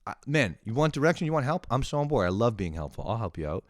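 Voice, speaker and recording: A young man doing a profane, sarcastic comic rant, animated and full of swearing. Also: medium pitch, fast talker, no room sound, studio quality. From lives in Montreal. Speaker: comedian ranting to camera.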